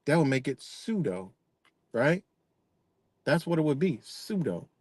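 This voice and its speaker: A man's voice: on the high side, big pitch swings, unhurried, darkish tone, dry recording. Profane ranting man, dry close sound. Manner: profane, repetitive, rambling rant; reacts to live chat comments. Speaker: live streamer. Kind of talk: casual ranting commentary.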